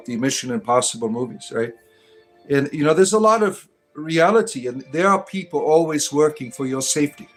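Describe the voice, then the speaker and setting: Rambling, halting livestream host, man. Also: mid-range voice, low-quality recording. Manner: rambling, halting with many fillers and restarts. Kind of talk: casual livestream chat.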